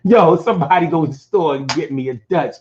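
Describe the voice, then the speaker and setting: A man's voice: fairly high pitch, fast, a little mellow, lo-fi sound. A man hosting his own show, talking in a loose, slangy, profane way and breaking into rhymed riffs. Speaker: podcast host. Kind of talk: casual election-night monologue.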